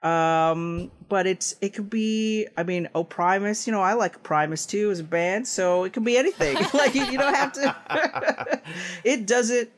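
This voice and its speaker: A man's voice: high voice, normal speed. A man speaking as a guest game designer on a podcast, talking casually, with frequent fillers and easy laughter. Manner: rambling, peppered with "like" and "um", laughs often.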